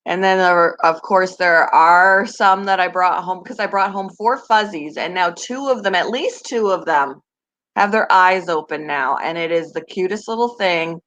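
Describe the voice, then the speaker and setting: A woman's voice: lowish voice, normal speed, a bit bright, poor audio. A woman hosting her pet channel, chatting casually to viewers and gushing over tiny baby animals. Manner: chatty, gushing, laughs often. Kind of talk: casual live chat to viewers.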